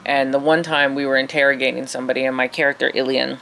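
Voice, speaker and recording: A woman's voice: rumbling low, flat delivery, quick pace, gravelly, a bit bright, slight background noise. A woman chatting casually as she paints, rambling and self-mocking in her asides. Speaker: painting vlogger. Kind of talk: casual chat while painting.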